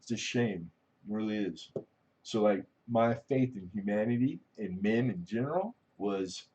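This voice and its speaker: Mellow low-voiced man, candid rambling talk. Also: animated, moderate pace. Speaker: livestream host. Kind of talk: casual rambling chat.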